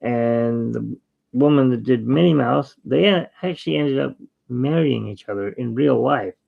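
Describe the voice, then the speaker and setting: A man's voice: mid-range voice, unhurried, gravelly, narrow, tinny audio. A man hosting his channel, chatting casually and rambling with jokes while he draws. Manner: rambling and jokey. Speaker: artist and channel host. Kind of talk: casual chat while drawing.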